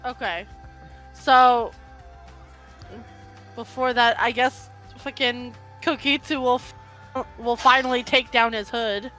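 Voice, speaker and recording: A woman's voice: fairly high pitch, fairly even intonation, slow pace, pauses often, pushed and bright, soft background music, poor audio. A woman playing a tabletop game over a call, describing her character's actions and speaking his lines in a casual way. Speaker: player. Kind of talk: in-character tabletop roleplay chat.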